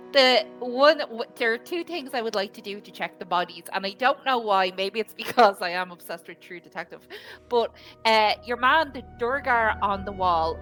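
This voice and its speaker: Giggly woman with a lively, bright voice. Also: fairly high pitch, rough recording. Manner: giggly, chatty. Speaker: player. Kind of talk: playing a tabletop game.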